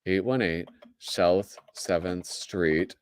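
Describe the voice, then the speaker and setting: A man's voice: sits low, slow pace, a little hiss or hum. A man with a Midwestern American accent, hosting a casual livestream, chatty and joking as he reads aloud. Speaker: host.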